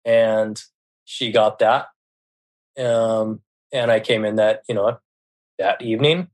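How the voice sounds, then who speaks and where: Low-voiced man telling a story haltingly. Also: steady tone. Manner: halting, with frequent restarts and self-corrections. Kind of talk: casual personal storytelling.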